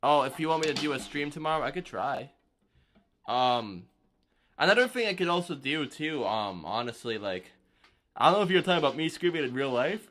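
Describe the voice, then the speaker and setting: A young man with a fairly high, bright voice and lively intonation chats fairly quickly on a live stream between drumming. He rambles loosely, packed with fillers and laid-back slang.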